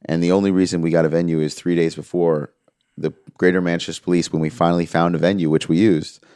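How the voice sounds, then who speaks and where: Deep-voiced man telling an emotional story. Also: fast, smooth, no room sound, studio quality. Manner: earnest, quotes others in lively voices. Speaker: music manager, interview guest.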